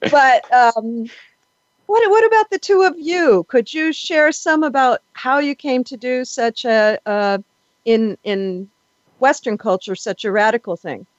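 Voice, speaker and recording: A man hosting a casual interview, talking hesitantly with many pauses and soft laughs. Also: extremely high pitch, no echo. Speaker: podcast host. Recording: dull lo-fi, dry audio.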